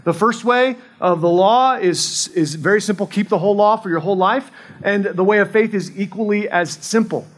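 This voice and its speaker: A man's voice: sits high, moderate pace. A man in his forties preaching a sermon in an earnest, conversational way, often restarting his phrases. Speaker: pastor.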